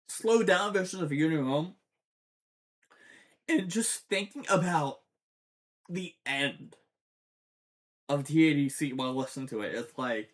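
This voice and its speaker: Slow-talking fan, swearing and teary. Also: medium pitch, lively intonation, fairly bright tone. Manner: rambling, swears often, gets teary. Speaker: fan commentator. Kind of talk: casual show breakdown.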